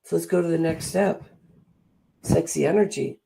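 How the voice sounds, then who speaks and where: A middle-aged woman giving a motivational talk, animated and acting out the voices she quotes. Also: deep voice, moderate pace, gravelly, husky. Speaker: speaker and coach.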